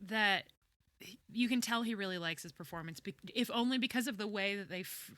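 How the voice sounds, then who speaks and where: A woman's voice: mid-range voice, a little fast, no echo. A woman hosting a podcast, chatting casually and steering the talk. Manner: leads the talk, relaxed and chatty.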